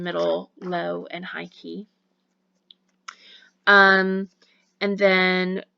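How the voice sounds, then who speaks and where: A woman's voice: medium pitch, gravelly, a bit bright. A young woman instructor giving homework instructions at the end of a recorded online lecture, casual and full of ums. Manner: casual, filler-heavy with many ums. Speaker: college instructor. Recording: dull lo-fi recording.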